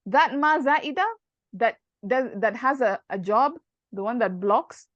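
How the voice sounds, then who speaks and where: A fairly high-voiced woman teaching grammar in a calm, patient way, building each point through examples. The recording is dull and lo-fi with a dry, close sound. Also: unhurried, no echo. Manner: patient, explains step by step with examples. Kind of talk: online class explanation.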